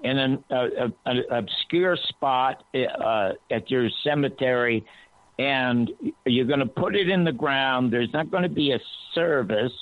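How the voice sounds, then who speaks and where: A man on a talk radio show telling an animated story, his voice climbing high when he quotes himself. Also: unhurried, no echo. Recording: tinny phone-line sound, dry.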